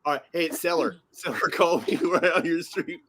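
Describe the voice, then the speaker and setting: A man chatting casually as a guest on a live stream, playful and quick to laugh. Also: fairly high pitch, crowd noise. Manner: playful, laughs often, jokey. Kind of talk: casual chat.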